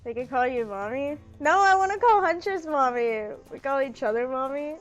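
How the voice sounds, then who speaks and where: A woman's voice: high voice, lively intonation, normal speed, highs cut off, soft background music. A woman streaming a dating sim, chatting playfully and reading the story text aloud with a lot of giggling. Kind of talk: casual gaming commentary, reading game text aloud.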